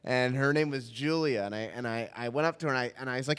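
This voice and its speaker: A young man telling a comic story on stage, rambling and self-mocking with halting restarts. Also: medium pitch, a bit bright, clear, resonant tone, long reverb tail.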